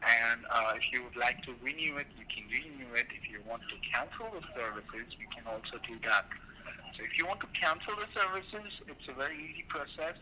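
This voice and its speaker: A man working as a scam call-center agent, reading rushed scripted patter on the phone. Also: medium pitch, lively intonation. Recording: noisy phone line.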